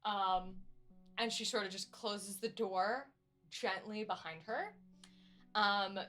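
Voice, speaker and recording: A woman's voice: medium pitch, slow pace, bright, forceful tone, faint music behind. A woman narrating as game master, describing scenes casually with many fillers.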